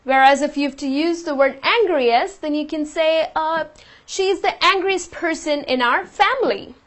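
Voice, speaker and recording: A woman's voice: high voice, moderate pace, fairly bright tone. A woman teaching a vocabulary lesson, patiently explaining word meanings with example sentences. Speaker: English teacher.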